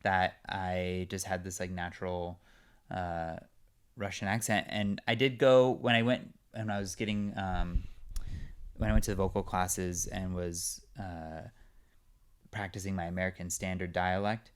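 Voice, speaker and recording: Smooth-voiced young Californian man, chatty. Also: deep voice, fairly even intonation, unhurried. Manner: rambling, many fillers, chatty. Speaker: podcast guest, actor. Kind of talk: casual interview chat.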